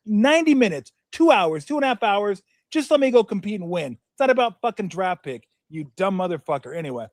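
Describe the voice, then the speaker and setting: Brief: middle-aged male sports host, fired-up and profane, slightly high voice, dry close sound. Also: dry recording. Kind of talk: casual sports talk rant.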